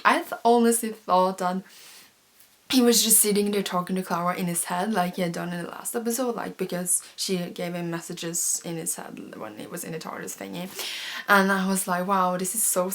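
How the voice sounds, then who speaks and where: A young woman vlogger chatting casually, gushing and rambling with lots of sighs and fillers. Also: medium pitch. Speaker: fan vlogger. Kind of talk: casual chat.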